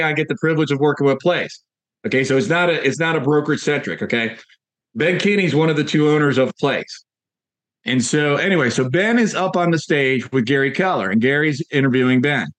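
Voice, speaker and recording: A man's voice: a little high, fairly bright tone, no room sound. Upbeat man telling a sales story. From Northern Virginia, USA. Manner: storytelling, repeats phrases, many fillers. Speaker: real estate coach and speaker. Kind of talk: casual motivational talk to an audience.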